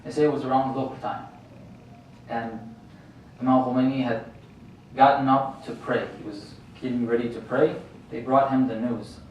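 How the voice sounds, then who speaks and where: Preacher in a very echoey hall. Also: male voice, mid-range voice, fairly even intonation, normal speed, pauses often. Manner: conversational preaching with rhetorical asides and questions. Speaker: sheikh giving a religious lecture. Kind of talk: sermon. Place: mosque prayer hall. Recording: very echoey hall, voice distant from the mic, faint noise.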